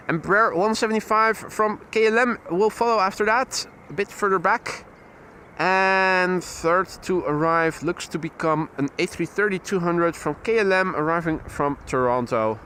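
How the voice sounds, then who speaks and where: A Dutch man with a fairly high voice hosts a live plane-spotting stream from beside a runway. He calls out each arriving flight in a steady, informative way. Faint outdoor noise sits behind him. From Netherlands. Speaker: plane-spotting livestream host. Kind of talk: live aviation commentary. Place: outdoors next to an airport runway.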